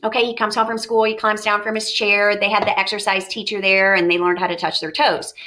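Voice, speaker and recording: A woman's voice: medium pitch, level tone, brisk, bright, forceful tone. A woman teacher giving a recorded lesson, explaining step by step and thinking aloud with questions.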